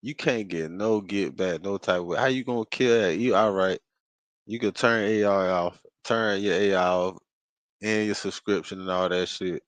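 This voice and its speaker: A man co-hosting a casual talk show, speaking profanely and building into loud rants. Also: low-pitched, normal speed, dry recording. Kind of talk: casual chat.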